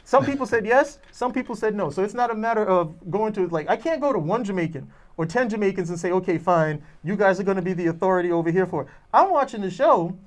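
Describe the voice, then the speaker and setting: Animated man arguing in a group review. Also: sits high, quick pace, few pauses. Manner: animated, acts out quotes in mocking voices. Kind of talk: heated casual debate.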